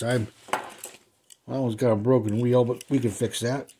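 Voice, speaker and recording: A man in his fifties at home, talking through an unboxing of die-cast cars in a relaxed, rambling way, with plenty of ums and uhs. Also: medium pitch, measured pace, vocal fry, a little hiss or hum. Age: 50s. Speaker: die-cast car collector and customizer. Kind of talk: casual unboxing vlog. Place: indoors at home.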